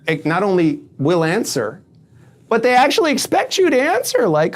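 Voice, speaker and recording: A man's voice: high-pitched, a little fast. A man with a New York accent, an attorney talking animatedly and sarcastically in a casual podcast conversation. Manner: animated, sarcastic, acts out quoted dialogue.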